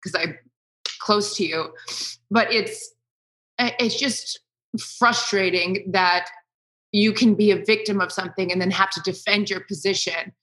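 A woman's voice: mid-range voice, measured pace, long pauses, fairly bright tone, poor audio. A woman guest in an interview, speaking candidly and with self-deprecating humor, emotional at times. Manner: emotional, self-deprecating, talks through tears. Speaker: guest, sports broadcaster.

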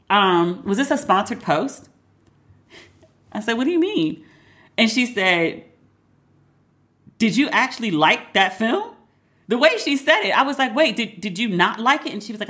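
A woman's voice: mid-range voice, fairly bright tone. A woman hosting a podcast, talking casually and emphatically, acting out both sides of a conversation with a friend. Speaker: podcast host. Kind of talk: casual solo podcast monologue.

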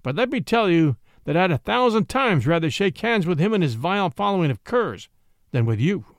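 Reader puts on scornful avenging scholar, sardonic, shrill mock outrage, lively pitch. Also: male voice, a little fast, no room sound, clean studio sound. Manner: mocking, theatrical, shrill when feigning outrage. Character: vengeful sardonic middle-aged male sociologist.

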